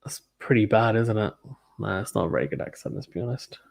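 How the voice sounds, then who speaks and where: A man's voice: on the low side, fast talker, creaky, a little mellow. A young British man hosting a casual live tennis watchalong, chatting and reading viewer comments aloud. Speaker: live stream host.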